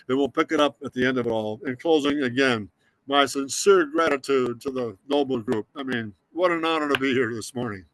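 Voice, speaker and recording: An older man from Scotland giving an emotional, earnest inspirational talk as a guest speaker, slowing down for emphasis. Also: mid-range voice, low-quality recording. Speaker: guest speaker, automotive designer.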